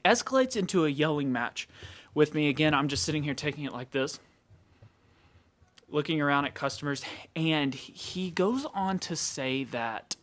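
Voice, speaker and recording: A man casually telling a story from his work at a store, conversational and relaxed. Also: fairly high pitch, normal speed. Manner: relaxed, conversational, quoting others in his own voice.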